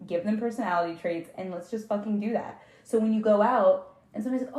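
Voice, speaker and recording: A young woman hosts a casual podcast chat, swearing freely and slipping into quick acted-out bits. Her voice sits at a middle pitch, and the room gives it a noticeable echo. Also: dark tone. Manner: chatty, swears often, acts out little scenes. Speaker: podcast host. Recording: echoey room.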